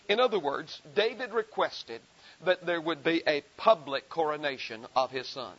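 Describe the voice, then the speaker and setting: A male preacher delivering a sermon in a somewhat high voice. He stacks repeated phrases for emphasis and slows down to read scripture with weight. The recording sounds dull and lo-fi. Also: lively intonation, a bit bright. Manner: rhetorical repetition, emphatic rising delivery; slow deliberate reading of scripture.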